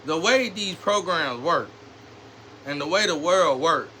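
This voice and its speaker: A high, bright-voiced man rants to his camera in street slang, preachy and animated. He drifts between scolding and telling his own story. A faint hum of ambient noise sits behind him. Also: a little slow. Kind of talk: casual rambling monologue.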